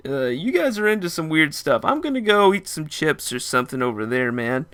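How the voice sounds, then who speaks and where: A man's voice: fairly high pitch, sing-song, a little fast, fairly bright tone. A man voicing his laid-back young male friend who talks in casual slang and refuses to help. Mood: reluctant.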